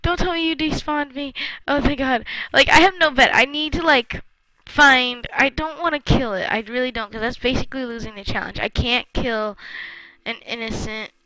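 High bright-voiced woman gamer. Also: moderate pace, no room sound, rough recording. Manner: chatty, talks to viewers, frequent exclamations. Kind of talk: let's-play commentary.

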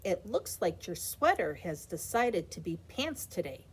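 A woman voicing a calm, patient mother in a bedtime story. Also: fairly low pitch, a little slow, slightly rough, heavily acted.

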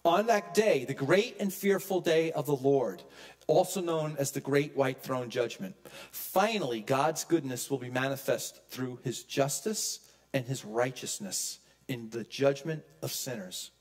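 A man preaching a sermon as pastor, emphatic, swinging from loud peaks to hushed low lines. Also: unhurried. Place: church.

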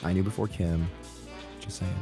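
A man's voice: sits low, fairly even intonation, moderate pace, music in the background. A man chatting casually, telling a story with wry, teasing asides. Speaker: podcast guest. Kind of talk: casual chat.

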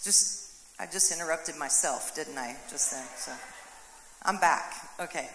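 A woman's voice: low voice, unhurried, background noise. A woman pastor preaching a sermon, voicing prayers and quotes dramatically. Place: church sanctuary. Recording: echoey hall with long reverb.

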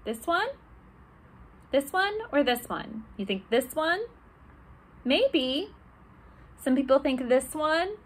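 A woman librarian leading a children's storytime, talking gently and asking the kids questions. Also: sits high, animated, takes it slowly, long pauses.

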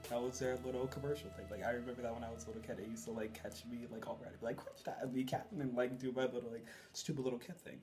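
Rambling, cursing young man. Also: mid-range voice. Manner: rambling, swears a lot, frequent "like". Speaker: vlogger. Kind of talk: casual chat to camera. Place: bedroom decorated for Christmas.

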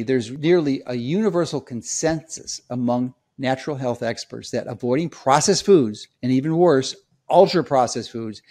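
Man, middle pitch, emphatic lecturing delivery, health explainer, repeats key points. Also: vocal fry, warm tone. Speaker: health commentator. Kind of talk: direct-to-camera explainer.

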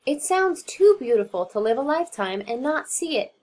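A woman's voice: high-pitched, big pitch swings, moderate pace, a little mellow. A woman voicing a small, eager young male mouse in a storybook read-aloud, talking earnestly.

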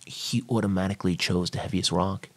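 Speaking low and fairly quickly with mostly even intonation, this American ex-Navy man swears freely while recounting stories in a podcast interview. He's emphatic and imitates what others said.

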